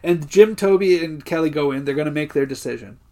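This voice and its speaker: A man's voice: fairly high pitch, fairly quick. A man co-hosting a podcast, recapping episodes in casual chat and acting out scene quotes as he goes. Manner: animated retelling, quoting scenes with laughs. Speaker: podcast co-host.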